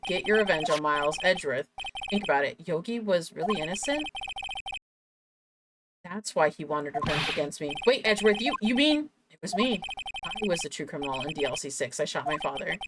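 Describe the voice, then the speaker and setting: A woman reading the lines of a troubled young male prosecutor in a halting, grave way. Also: sits low, animated, noisy background. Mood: despairing. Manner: halting, grave confession read aloud. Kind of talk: dubbing game dialogue live. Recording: game music playing behind.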